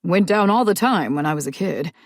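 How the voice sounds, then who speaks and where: A woman's voice: on the low side, animated, fairly quick, dry recording, clean studio sound. A woman voicing a nervous, friendly father who talks in a mildly raised, uneasy way.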